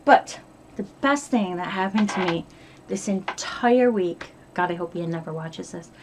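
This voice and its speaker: A woman's voice: lowish voice, a little slow, a little mellow, slight background noise. A middle-aged woman from upstate New York chatting casually in a diary vlog, rambling and swearing freely. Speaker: vlogger.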